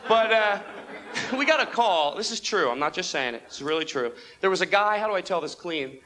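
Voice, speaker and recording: High-voiced young comic working a club crowd. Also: male voice. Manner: fast, animated, jumps into quick character voices. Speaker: stand-up comedian. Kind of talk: stand-up comedy routine. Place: comedy club stage. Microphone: handheld stage microphone. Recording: old videotape with audible room noise. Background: audience laughter.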